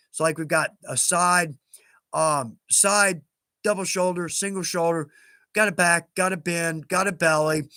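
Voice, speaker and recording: A man's voice: on the high side, pushed and bright, no room sound. A man hosting a leathercraft livestream in casual chat, rambling, restarting and laughing at himself. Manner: chatty, self-interrupting, laughs at himself. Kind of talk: casual live-stream chat.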